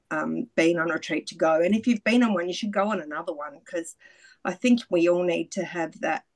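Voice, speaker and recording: A woman's voice: lowish voice, poor audio. A middle-aged woman giving a candid, self-mocking spoken testimonial as a retreat participant, laughing often and swearing freely.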